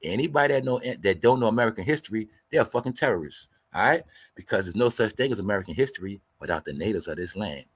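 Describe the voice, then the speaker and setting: A commentary show host rants in a profane, combative, lecturing style, repeating himself for emphasis. His voice sits on the low side with a breathy edge, expressive, and he talks fast.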